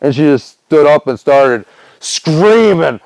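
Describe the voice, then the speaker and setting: Gravelly-voiced man rambling through a story. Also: mid-range voice, moderate pace, a little mellow, a little hiss or hum, poor audio. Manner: rambling, loose, lots of "man" and "you know". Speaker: podcast host. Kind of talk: casual storytelling monologue.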